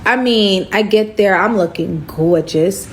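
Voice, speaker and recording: A young woman delivers a casual storytime monologue in an animated, slang-heavy way. Her voice sits in a mid register but leaps upward whenever she acts out her own lines. A faint background hiss runs under the recording. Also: unhurried. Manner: animated, slangy, acts out dialogue with sudden jumps in pitch.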